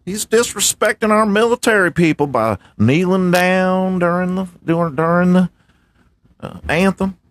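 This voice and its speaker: A man's voice: sits high, normal speed, no echo, pitched above the performer's own voice, natural voice. A man voicing a pious, blustering conservative male janitor who calls everyone buddy, in an improvised comedy bit. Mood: outraged.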